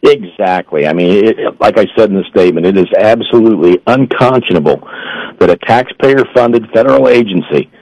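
A man's voice: fairly low pitch, normal speed, darkish tone, no echo, highs cut off. A man, a police union leader, talking as a guest in an earnest, emphatic way with many restarts.

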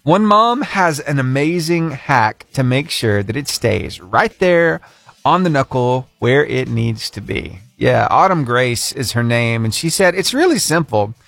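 A man's voice: medium pitch, big pitch swings, a little slow, creaky, a bit bright, dry recording. A man hosting a short radio feature segment, telling the story in a chatty, playful way with punchy emphasis. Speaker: radio host.

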